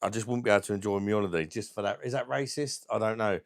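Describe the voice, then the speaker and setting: A man hosting a live stream, chatting casually and bluntly with viewers, crude and quick to laugh at his own jokes. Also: fairly low pitch, no echo, studio quality. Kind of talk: casual live chat reading viewer comments.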